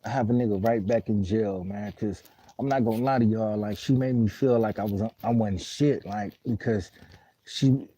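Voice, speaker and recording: Husky, very dark-voiced man telling a story live. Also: fairly low pitch, normal speed, rough recording. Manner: loose and rambling, heavy street slang and cursing. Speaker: livestream host. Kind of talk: casual storytelling on a live stream, answering viewer comments.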